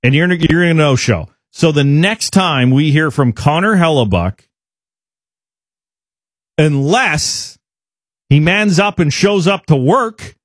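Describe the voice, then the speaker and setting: A man's voice: a little high, lively intonation, slow, pauses often, no room sound, studio quality. A man hosting a sports radio show, talking in an emphatic, indignant way with frequent restarts. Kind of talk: opinionated sports talk.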